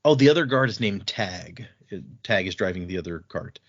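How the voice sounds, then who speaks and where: A man talks through a book chapter on a casual podcast, his pitch bouncing all over as he recaps scenes and tosses in quick voices for the characters. The audio is a little dull and lo-fi. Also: animated, slightly rough. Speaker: podcast host.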